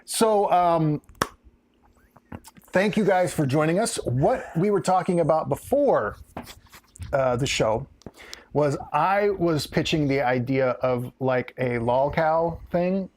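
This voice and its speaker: A man's voice: fairly high pitch, slow, a little mellow, slight background noise. A man co-hosting a casual live stream, steering the talk along between topics. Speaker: co-host.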